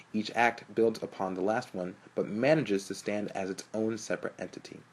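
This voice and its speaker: A man's voice: lowish voice, a little mellow, low-quality recording. A man voicing a confident male film professor lecturing a class in an audiobook. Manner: explanatory lecturing, wry. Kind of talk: audiobook narration.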